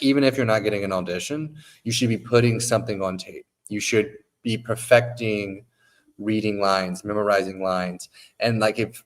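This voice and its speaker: A man who owns an agency, chatting casually on a podcast with a voice he says is going, and acting out his clients' lines. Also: fairly low pitch. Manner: animated, acts out quotes of clients. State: losing his voice, coughing. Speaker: modeling agency owner.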